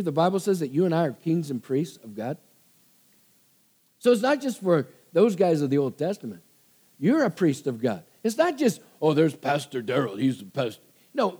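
A man preaching a sermon with a high, bright-toned voice that swoops up and down with great animation. He drives his points home by repeating short commands and calling out for amens from the congregation. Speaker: pastor.

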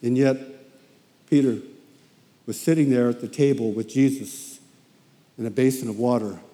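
A man preaching a sermon as animated storytelling, often repeating himself as he goes. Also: mid-range voice, normal speed, long reverb tail.

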